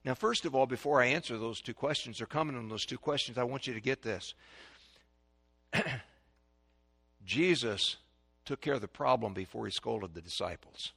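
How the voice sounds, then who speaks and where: A man preaching a sermon to a congregation, swinging between loud proclaiming and hushed, dramatic quiet. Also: mid-range voice, moderate pace, creaky, long pauses, breathy edge.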